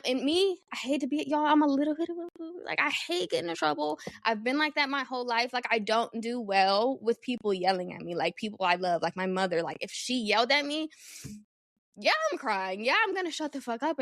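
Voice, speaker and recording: A young woman hosts her own podcast, speaking candidly and with lots of energy while swearing freely. Her voice sits high and a bit bright, with no echo, in this casual solo talk.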